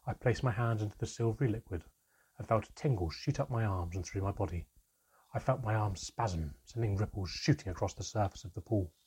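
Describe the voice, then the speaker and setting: Husky low-voiced male narrator. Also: a little fast, a little mellow. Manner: dramatic, first-person storytelling. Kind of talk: audiobook narration.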